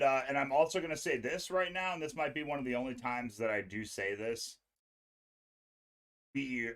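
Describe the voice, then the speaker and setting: A man co-hosting a live sports stream in casual chat, excitable and blunt with his opinions. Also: medium pitch. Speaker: co-host.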